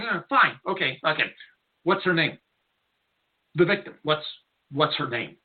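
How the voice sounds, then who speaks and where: A man's voice: on the high side, big pitch swings, normal speed, long pauses. A man hosting a talk radio show, delivering a blunt, irreverent, rambling monologue from a studio. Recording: narrow tinny lo-fi audio.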